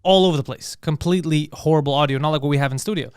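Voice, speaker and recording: Male podcast host, rapid-fire comic storyteller, clean crisp voice, foul-mouthed and exasperated. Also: fairly high pitch, no room sound, studio quality. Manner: animated, profane, exasperated. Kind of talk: casual comedic storytelling.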